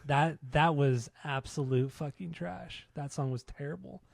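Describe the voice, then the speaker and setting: A man's voice: fairly high pitch, a little slow, creaky, no room sound, studio quality. Blunt, profane podcast co-host man. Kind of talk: casual chat about music.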